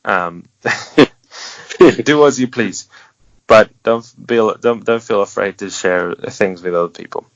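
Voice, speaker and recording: A man's voice: on the low side, slow pace, pauses often, dry recording. A man speaking as an interview guest, giving earnest, encouraging advice with wry humor and some restarts. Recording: dull lo-fi sound, dry.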